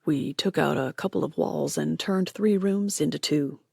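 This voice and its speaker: A woman's voice: sits low, normal speed, gravelly, husky, dry recording, clean studio sound, heavily acted. Woman voicing a terse, tired man. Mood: explaining. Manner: terse, flat replies. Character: tired, laconic grown man, dry.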